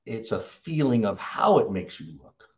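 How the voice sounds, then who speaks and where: A man who works as a sales coach, answering interview questions and acting out what clients say in lively stories. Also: fairly low pitch, moderate pace, highs cut off. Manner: animated storytelling, acts out client quotes.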